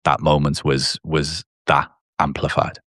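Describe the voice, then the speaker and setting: A man's voice: a bass voice, little pitch movement, measured pace, a bit bright, dry recording, clean studio sound. A man as a podcast guest, telling his personal recovery story candidly and bluntly, swearing at times.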